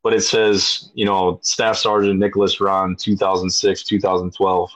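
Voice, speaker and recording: A man's voice: low voice, little pitch movement, normal speed. A man in his thirties, a veteran guest telling his story in a blunt, profane, casual way, with lots of fillers. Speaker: podcast guest, military veteran. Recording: dull lo-fi audio.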